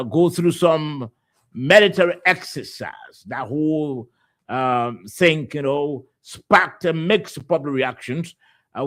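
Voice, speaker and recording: A Liberian-accented man opens a live radio talk show from the studio with a voice pitched a little high. He talks loosely, filling gaps with uhs and you-knows and repeating himself as he rolls through what is coming up. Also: a bit bright. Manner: loose, filler-heavy delivery with many uhs and repeated words.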